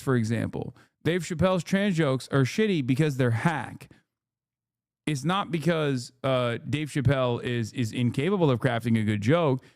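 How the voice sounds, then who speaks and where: An American man in his thirties, a streamer and political commentator, rants emphatically in casual commentary, swearing a lot and repeating lines for stress. His voice is a little high with a darkish tone, recorded with clean studio sound and no room sound.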